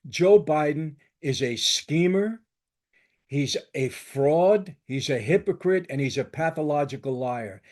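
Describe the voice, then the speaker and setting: A man's voice: on the high side, animated, measured pace, darkish tone. An older man hosting his own channel, delivering an emphatic, combative political commentary with lots of repetition. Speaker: channel host.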